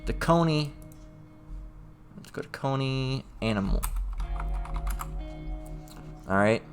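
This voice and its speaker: Over music, a religious teacher with a medium-pitched voice and lively intonation goes slowly and casually through scripture verse by verse. He lifts his delivery when reading the old-style passages and checks in with listeners, repetitively asking "all right?", after nearly every line.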